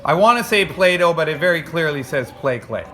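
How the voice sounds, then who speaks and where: Bright-voiced man reading a storybook. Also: on the high side, lively intonation, brisk. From North America. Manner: jokey, chatty, makes sound effects. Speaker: storybook reader. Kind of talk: playful read-aloud with commentary.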